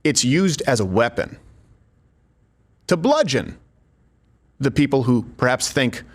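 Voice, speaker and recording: A man's voice: mid-range voice, sing-song, slow pace, slightly rough. Emphatic male political commentator. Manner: persuasive, emphatic. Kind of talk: scripted commentary.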